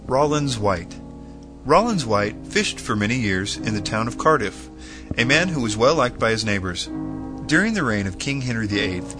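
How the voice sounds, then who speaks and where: A man narrating historical martyr stories in an earnest, measured reading. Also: mid-range voice. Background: faint guitar music.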